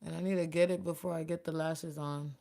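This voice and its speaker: A woman's voice: low voice, fairly quick, gravelly. A young woman chatting casually with her viewers while doing her makeup. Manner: chatty, animated, talks to viewers and chat. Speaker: beauty vlogger and makeup artist.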